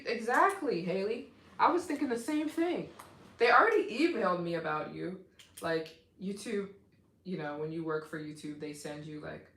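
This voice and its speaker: Gushing woman live-streaming, roomy echo. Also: lowish voice. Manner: effusive and excitable, heavy use of "like". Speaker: travel vlogger hosting a live stream. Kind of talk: casual live-stream chat with viewers.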